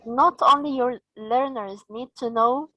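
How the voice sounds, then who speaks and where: Slow-speaking Egyptian woman trainer. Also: fairly high pitch, bright, forceful tone, poor audio. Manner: slow, explanatory, quizzes the audience. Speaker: teacher trainer. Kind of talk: training session lecture.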